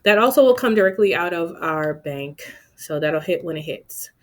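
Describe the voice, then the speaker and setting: A woman's voice: on the low side, lively intonation, moderate pace. A woman talking casually to viewers while doing her budget, chatty and playful with asides to herself. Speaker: budgeting vlogger. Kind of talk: casual talk-through of budgeting.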